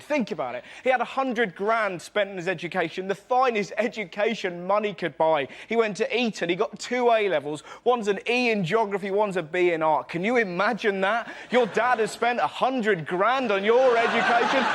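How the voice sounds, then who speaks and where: A man, fairly high for a man, rattles through a stand-up bit in a studio. He jumps into daft shouted voices for the punchlines. The audio carries a lot of noise and audience laughter. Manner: fast, animated, with loud silly voices for punchlines. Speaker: comedian panelist. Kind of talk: stand-up routine on a TV panel show.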